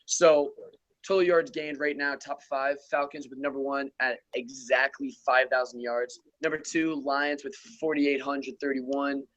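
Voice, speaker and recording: A man's voice: medium pitch, level tone, a little slow, a bit bright, no room sound, lo-fi sound. Casual young guy reading football stats. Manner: loose, profane, reels off rankings and stats. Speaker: podcast host. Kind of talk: casual sports gaming chat.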